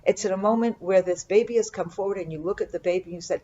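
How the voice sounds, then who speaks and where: A middle-aged woman gives an earnest, reflective Torah commentary, often pausing and restarting her sentences. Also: on the low side, warm tone, lo-fi sound. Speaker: Bible teacher.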